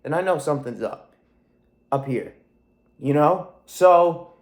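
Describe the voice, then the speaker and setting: A man's voice: fairly high pitch, lively intonation, takes it slowly, a little mellow. A man in his twenties with a sore throat and stuffy nose, talking in a rambling, profane monologue to camera. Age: 20s. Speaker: vlogger.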